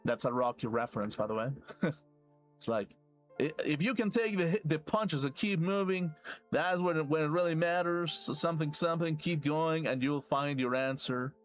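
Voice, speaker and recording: Faint music runs under a man's slightly high voice, delivered at an ordinary speed. While playing a game on stream, he wanders through a loose, profane rant, laughing to himself now and then.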